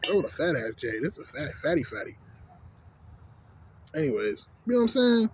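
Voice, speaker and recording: A man's voice: high voice, lively intonation, fast talker, breathy edge, dry recording. A young man in his twenties from Canada, ranting casually in a profane, rambling way, with lots of filler phrases. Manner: profane, rambling, full of "you know what I'm saying". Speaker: vlogger. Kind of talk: casual rant.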